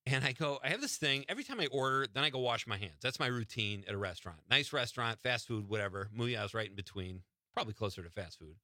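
Animated, bright-voiced radio host telling stories. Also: male voice, mid-range voice, fast talker, few pauses, dry recording, studio quality. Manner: animated, laughing anecdotes. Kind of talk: storytelling on talk radio.

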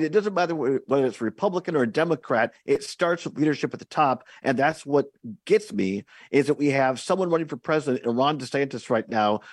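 A man hosting a call-in radio show with a plain, mid-pitched voice. He talks earnestly and often stumbles over his first words. The studio mic is close and dry. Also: no room sound. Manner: earnest, repeats words when starting sentences. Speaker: radio talk show host.

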